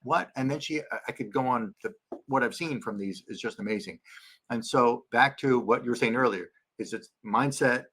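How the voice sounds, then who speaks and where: Husky-voiced man, eager storyteller. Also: moderate pace. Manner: animated storyteller, acts out quotes in a high voice. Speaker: chiropractor guest. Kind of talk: enthusiastic podcast interview. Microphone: video call.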